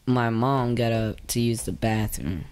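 Animated, swearing man spinning a story. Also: mid-range voice, measured pace, clean tone. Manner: animated storyteller, swearing freely, laughing, acting out voices. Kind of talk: casual podcast chat.

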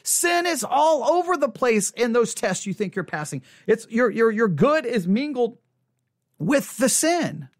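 Blunt, lively high-voiced woman commentator. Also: dry recording, clean studio sound. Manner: blunt, animated, emphatic. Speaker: commentator reviewing a sermon. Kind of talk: casual commentary.

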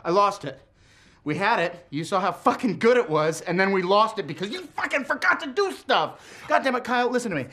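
A profane, bossy rock singer. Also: male voice, high-pitched, sing-song, a little fast, a little hiss or hum, exaggerated voice. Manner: profane, impatient, bursts into shouting and singing. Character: brash, bossy young male rock musician. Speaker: band leader. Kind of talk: improvised film comedy. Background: loud guitar playing.

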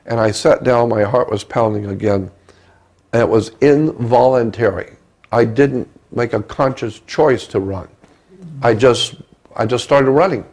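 An older man recounting a personal experience as an interview guest, slow and halting, often repeating words. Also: medium pitch, darkish tone.

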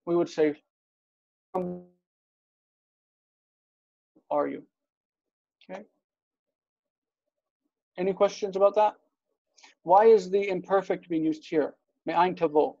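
A man's voice: sits high, slow pace, vocal fry, pauses often, warm tone, no echo, muffled recording. A man teaching a Hebrew reading class on a video call, patiently explaining grammar with examples.

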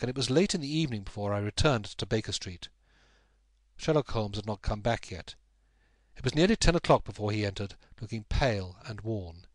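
A man narrating a classic story in a measured, steady audiobook style. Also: lowish voice, dry recording. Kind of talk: scripted narration.

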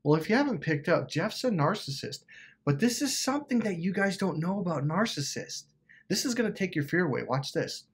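A man's voice: high voice, a little fast, breathy edge. A man hosting a self-help video, telling a personal story in a casual, rambling way with swearing and lots of fillers. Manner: animated, profane, rambling with many fillers.

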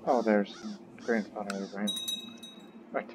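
A man's voice: medium pitch, moderate pace, slight background noise. Chatty man narrating a strategy game. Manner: chatty, talks to game characters. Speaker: let's play host. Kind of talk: casual gameplay commentary.

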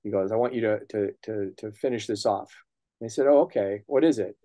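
This middle-aged comics writer and colorist is an interview guest, swearing casually as he tells lively anecdotes and acts out the dialogue he quotes. He speaks fairly quickly in a lowish voice, with no room sound.

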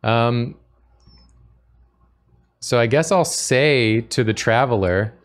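A man's voice: mid-range voice, takes it slowly. A man co-hosting a stream in casual chat, reading a text adventure's story aloud with frequent chuckles. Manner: amused, chuckles often while reading. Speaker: stream co-host.

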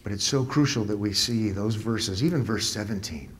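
A man preaching a live conference sermon in a church, emphatic, with punchy repeated lines and rhetorical questions, swinging between hushed asides and loud exclaims. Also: fairly low pitch, moderate pace, few pauses. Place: church sanctuary before a live audience.

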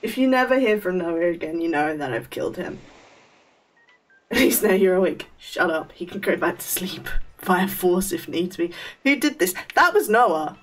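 A woman's voice: fairly low pitch, expressive, moderate pace, distant mic. A woman chatting casually on a game live stream, rambling with stammered restarts and frequent laughs.

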